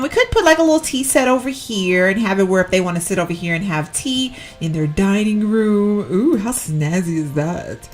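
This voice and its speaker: Chatty woman with a lively voice. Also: mid-range voice. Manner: chatty, rambling, self-correcting, giggly. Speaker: Sims gameplay YouTuber. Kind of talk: casual gameplay commentary.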